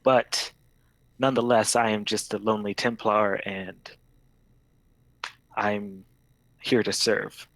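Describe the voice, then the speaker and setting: A man voicing a reserved, dutiful young male templar who speaks in a halting, modest way. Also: on the low side, steady tone, a bit bright, no echo, poor audio.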